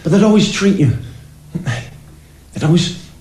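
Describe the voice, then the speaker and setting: High-voiced stand-up comic. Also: male voice, expressive, unhurried, a little mellow, echoey room, a little hiss or hum. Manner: rambling, stammering anecdotes. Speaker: stand-up comedian. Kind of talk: stand-up storytelling.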